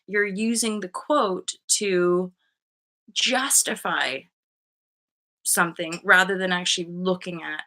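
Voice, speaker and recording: A woman's voice: on the low side, slow pace, pushed and bright. A woman in her thirties hosting a casual live-stream chat, bubbly and laughing often, swearing freely and acting out voices as she tells stories. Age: 30s. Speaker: host.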